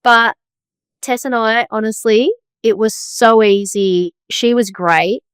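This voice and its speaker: A woman's voice: on the high side, slow, smooth, no echo, clean studio sound. A woman co-hosting a casual podcast, talking about her travels in a laid-back, easygoing way. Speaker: podcast co-host. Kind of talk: casual chat.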